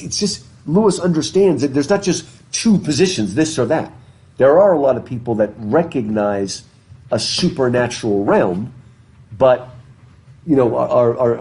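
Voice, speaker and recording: With a medium-pitched, dark voice, a man runs a chatty literature lecture, asking his students questions and repeating words as he restarts sentences. It's a live classroom recording, heard through a face mask.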